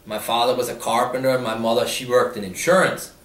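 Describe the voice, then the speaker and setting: A man's voice: mid-range voice, little pitch movement, fast talker, a bit bright. A man with a Pennsylvania Dutch English accent, a teacher, answering questions and reading words in a plainspoken, dry way. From Berks County, Pennsylvania. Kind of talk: casual interview, reading word list. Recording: echoey room, far from mic.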